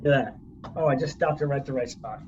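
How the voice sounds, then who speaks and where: A middle-aged man co-hosting a podcast from his laptop, tossing out dry quick one-liners in casual chat. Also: medium pitch. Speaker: podcast co-host. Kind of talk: casual chat over a video call. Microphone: laptop mic on a video call. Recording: dull lo-fi call audio with faint noise.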